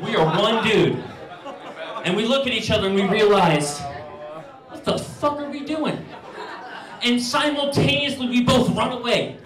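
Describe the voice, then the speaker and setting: A young man performing animated, profane stand-up comedy, acting out the people in his story. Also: high-pitched, echoey room, recorded from a distance. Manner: animated, profane, acts out voices.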